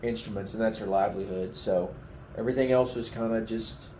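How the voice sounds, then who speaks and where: A man giving a heartfelt, halting testimony in an interview, his emotion showing as he speaks. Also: fairly low pitch, steady tone, warm tone, slight background noise. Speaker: flood survivor giving testimony. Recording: roomy echoing room.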